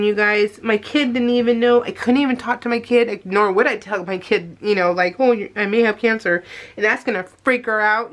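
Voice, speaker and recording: Lady in her 40s vlogging, kinda high voice, rambly and earnest, keeps saying you guys. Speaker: scrapbooking vlogger. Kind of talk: emotional casual talk to camera.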